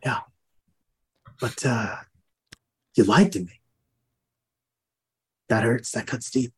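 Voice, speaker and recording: A man doing a soft-spoken menacing death champion. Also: medium pitch, breathy edge, voice pushed down. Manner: slow, quiet and threatening.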